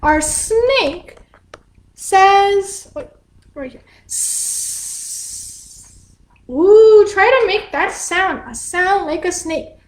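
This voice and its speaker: A woman with a very high, light voice leads small children through a class. She talks slowly and patiently in a sing-song way and explains each step simply. The sound is roomy, with her voice bouncing off the walls of a home space. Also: lively intonation. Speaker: children's dance teacher. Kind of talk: slow, gentle instruction for young children. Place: home room, livestreamed class. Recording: echoey room.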